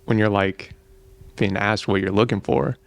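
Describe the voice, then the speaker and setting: Man, thirties, gravelly voice, relaxed and hesitant, dry sound. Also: on the low side, moderate pace, no echo. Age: 30s. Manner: relaxed, hesitant, lots of fillers. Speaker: contestant. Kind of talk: casual chat.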